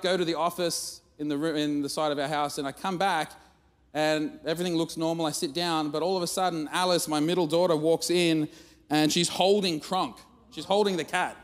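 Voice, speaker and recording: A man preaching at church, telling a funny family story in an animated, self-mocking way. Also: a little high, normal speed. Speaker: guest speaker. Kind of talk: storytelling sermon. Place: church auditorium. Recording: long reverb of a church hall.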